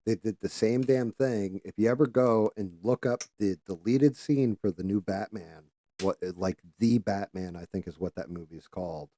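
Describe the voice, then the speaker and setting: Guy streaming from his hobby desk, low warm voice, rambly and sweary, dry close sound. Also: moderate pace, dry recording. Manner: rambling, casual, swears freely; talks while doing careful handwork, trails off at times. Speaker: livestream host. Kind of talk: casual livestream chat while painting.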